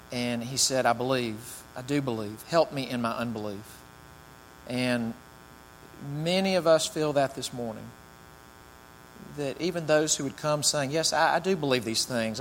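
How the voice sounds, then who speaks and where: A man preaching a sermon, reading scripture with rising emphasis, then praying and talking loosely with fillers. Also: mid-range voice. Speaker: pastor. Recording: long hall reverb, faint mains hum.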